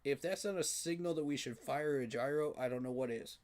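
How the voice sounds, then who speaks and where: A man's voice: mid-range voice, brisk, darkish tone. A man giving a frustrated, emphatic postgame reaction rant, repeating his points for emphasis. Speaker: sports fan commentator.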